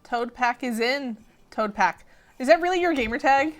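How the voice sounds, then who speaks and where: A woman's voice: high-pitched, expressive, normal speed. A woman hosting a gameplay stream, playful and chatty while she plays and reads the chat. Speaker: stream host.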